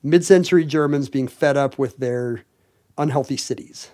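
A man's voice: mid-range voice, moderate pace, a little mellow. Jokey, explaining male podcast host. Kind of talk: casual chat.

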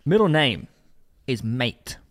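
A man's voice: mid-range voice, sing-song, slow, a bit bright. A man hosting a football quiz in casual podcast chat, playful and laughing often. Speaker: quiz host.

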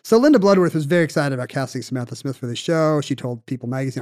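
A man's voice: medium pitch, no room sound, studio quality. Man telling a story on a podcast. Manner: animated storyteller, fast bursts. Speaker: podcast co-host. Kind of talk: casual chat, storytelling.

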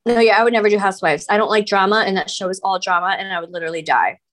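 A woman co-hosts a podcast in relaxed conversation. Her voice sits at a mid pitch, and she reacts bluntly and with animation to what her co-host says. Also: very fast. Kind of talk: casual chat.

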